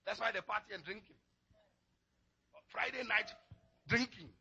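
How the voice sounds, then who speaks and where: A male pastor preaching a sermon, swinging from low, quiet murmurs to crying, shouted pleas. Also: unhurried, breathy edge, dull audio.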